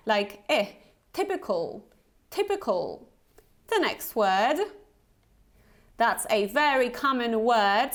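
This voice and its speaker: A woman in her thirties with a light Polish accent leads an English pronunciation drill. Her voice sits somewhat high, and she speaks slowly and deliberately. She models each word twice so the learner can repeat it. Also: a bit bright. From Poland. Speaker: Business English pronunciation trainer.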